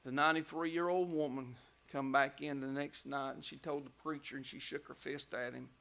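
A man preaching a revival sermon, telling stories and building to loud climaxes. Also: mid-range voice, fairly even intonation, normal speed, vocal fry.

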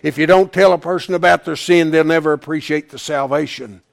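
A man preaching a sermon as pastor, rising to shouted peaks and falling to hushed, near-whispered lines, with emphatic repetition. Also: fairly high pitch, fairly even intonation, brisk, creaky, no room sound, clean studio sound.

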